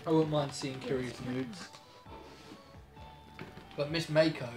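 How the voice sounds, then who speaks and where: A man's voice: a little high, fairly even intonation, slow pace. A man co-hosting a casual game let's play, swearing often while hiccuping. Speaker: co-host. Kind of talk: casual gameplay commentary. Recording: echoey room with loud game music. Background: video game music.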